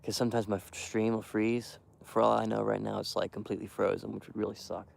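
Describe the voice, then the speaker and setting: Out at the edge of a windy field, a young man hunts in the cold and quietly rambles to his live stream, his talk full of fillers and restarts. His voice sits on the low side, with a flat delivery, quick pace, and vocal fry.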